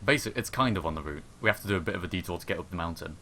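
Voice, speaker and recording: A man with a low-pitched but bright, forceful voice hosts a casual gaming livestream. He takes charge of the group and lays out plans in an easygoing chat. The talk stays relaxed and conversational. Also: rapid-fire.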